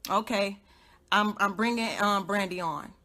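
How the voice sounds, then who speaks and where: A young woman giving an impassioned, confrontational live rant, repeating her points and swinging between loud outbursts and low muttering. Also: steady tone, measured pace. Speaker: godmother and activist livestreamer.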